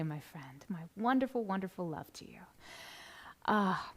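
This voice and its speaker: A woman hosting a live stream, reading viewer comments aloud in a soft voice that often drops to a whisper, with bursts of laughter and sung birthday greetings. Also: a little high, expressive, a little slow. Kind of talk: live stream chat, gentle and affirming.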